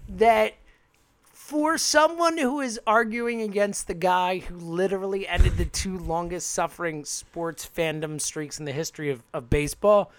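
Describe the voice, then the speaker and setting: An emphatic, animated sports podcast co-host with a mid-pitched voice, arguing points hard and laughing easily. The recording is close and dry, with no room sound. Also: measured pace, no echo. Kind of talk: casual sports podcast chat.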